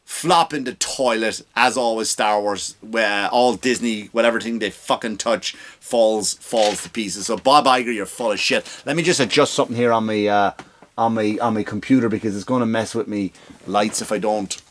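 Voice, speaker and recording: A man's voice: fairly low pitch, steady tone, moderate pace, fairly bright tone. A male comedian hosts a comedy podcast from a home setup. He rants in a rambling, profane way and often breaks off to restart his thoughts. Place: home recording setup with lights.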